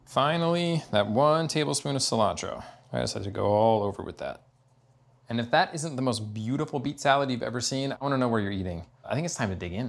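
A man's voice: mid-range voice, a bit bright. A man, a test cook, giving an enthusiastic step-by-step cooking demonstration in a home kitchen. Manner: enthusiastic, upbeat, step-by-step explaining.

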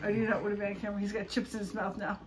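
A woman's voice: mid-range voice, level tone, rapid-fire, distant mic, a crowd in the background. A woman hosting a home vlog on her phone, chatting and bantering with family and laughing often. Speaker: vlogger host. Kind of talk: casual chat. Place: home, indoors, after a family dinner. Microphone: phone camera.

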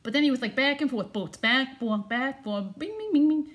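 A woman's voice: high voice, animated, moderate pace, fairly bright tone. A woman in a comedic character monologue, chatty and digressive, losing her train of thought and talking in tough slang.

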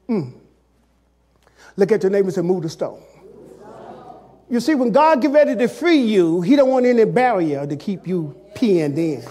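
A man preaching a sermon as pastor, calling out to the congregation and swinging between loud shouts and hushed, quiet passages. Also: sits high, lively intonation, normal speed, long pauses, breathy edge.

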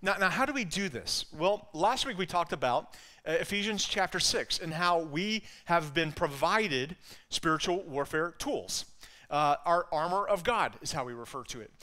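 A man's voice: fairly high pitch, expressive, moderate pace, bright, forceful tone. A man with an Alabama accent preaching a sermon in an earnest way, often repeating words as he builds a point. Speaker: pastor.

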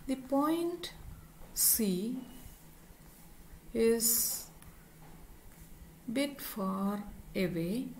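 Slow, deliberate woman teaching physics. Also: fairly high pitch, animated, a little mellow, slight background noise, low-quality recording. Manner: deliberate, spells out each term and symbol. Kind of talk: slow, step-by-step lecture.

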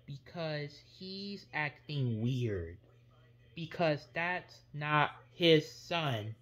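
Woman doing Mario: breathy, low, lively cheerful plumber, kids' toy video. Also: moderate pace. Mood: plain. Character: cheerful male plumber, football fan.

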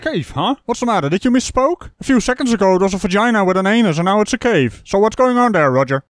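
A man hosts a comedic reaction show, taking apart what he watches with mocking, sarcastic commentary. His voice sits high. The sound is dry and close, with no room around it. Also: animated, fast talker, no echo. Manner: sarcastic, mocking, laughing asides. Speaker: host reacting to a video.

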